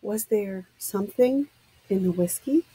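A woman voicing a shaken young woman who speaks softly and falters. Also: mid-range voice, animated, unhurried, no room sound, poor audio.

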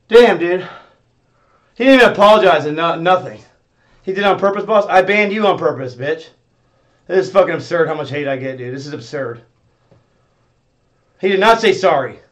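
A man streaming live, ranting at his chat in a profane, confrontational way, swinging between muttering and yelling. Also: a little high, lo-fi sound. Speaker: livestreamer.

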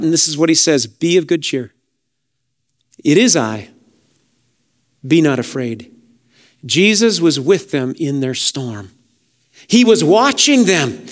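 A male pastor preaching a sermon with fervour, dropping to hushed lines and rising to exhortations, repeating praise. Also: sits high. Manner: impassioned preaching, swinging between soft hushed lines and raised exhortations; fervent, with repeated "praise God" and "hallelujah".

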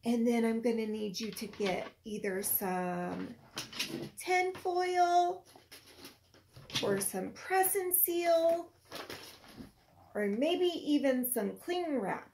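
A woman teacher reading a picture book aloud to a young child in a gentle, sing-song storytelling voice, then patiently explaining a project. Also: sits high, animated, slow pace, pauses often, a little hiss or hum. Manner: patient, encouraging teacher talk.

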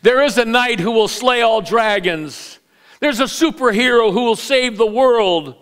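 High, clear-voiced male preacher. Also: measured pace. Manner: animated preaching, swinging from loud high bursts to low soft asides; repeats words when building up a point. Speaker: pastor. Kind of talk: sermon. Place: church sanctuary.

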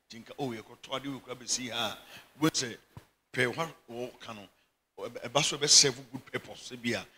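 A man's voice: medium pitch, pushed and bright, a little hiss or hum. A middle-aged Ghanaian man preaching a sermon as bishop, emphatic and often breaking into laughter. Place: church chapel.

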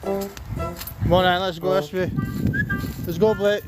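Walking his dog outdoors in a park and along roads, a Scottish man chats casually on a live stream over loud music. His voice sits high, flat, and slow as he jokes, swears, and snaps commands at the dog.

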